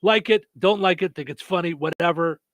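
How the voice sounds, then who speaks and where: Morning radio guy rambling w lots of uhs, kinda high voice, dry booth sound. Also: a little fast, a bit bright, no room sound. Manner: rambling, lots of fillers and restarts. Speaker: radio morning show host. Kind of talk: casual radio chat.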